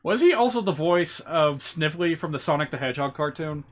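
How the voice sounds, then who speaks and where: A man streaming a video game, chatting in an excitable, rambling way with lots of asides. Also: a little high, fairly quick. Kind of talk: casual gaming commentary.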